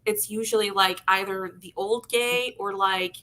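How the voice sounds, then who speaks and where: A woman's voice: medium pitch, fairly even intonation, unhurried, pushed and bright. A woman co-hosting a live podcast panel, speaking casually and hesitantly with frequent restarts. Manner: hesitant, many restarts and "like" fillers. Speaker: podcast co-host.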